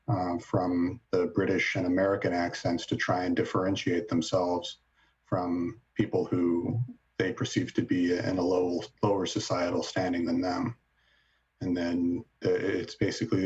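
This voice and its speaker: Deep raspy flat-voiced guy explaining stuff slowly, dull lo-fi audio. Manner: measured, explanatory, lecturing tone. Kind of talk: casual podcast chat.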